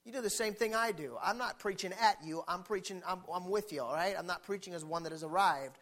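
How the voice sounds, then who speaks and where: A male preacher delivering a sermon in a high, bright, ringing voice. He talks fervently and keeps asking his listeners questions. His delivery swings between hushed stretches and shouted ones. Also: a little fast.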